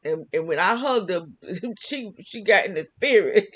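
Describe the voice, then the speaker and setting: A woman's voice: mid-range voice, animated, unhurried, a little hiss or hum. A woman vlogger talks through a personal church story in a loose, rambling style. She breaks into laughter often and restarts sentences mid-thought. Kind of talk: casual spoken testimony.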